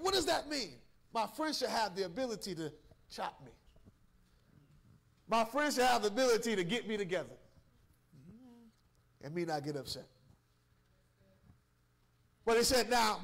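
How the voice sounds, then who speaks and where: A man's voice: very high-pitched, vocal fry, fairly bright tone. A man preaching a sermon in a church with a Southern US accent, teasing and calling out to the congregation. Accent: Southern US, Georgia. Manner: call-and-response preaching with congregation, playful and teasing. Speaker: pastor. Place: church sanctuary.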